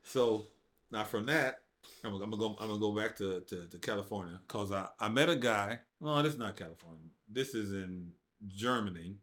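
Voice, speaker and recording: A man telling his faith testimony as a podcast guest, in casual, informal speech, acting out quotes with big swings in his voice. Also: fairly quick. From United States. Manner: animated storyteller, acts out quotes with big jumps in pitch; informal speech with dropped verbs. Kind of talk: casual storytelling conversation.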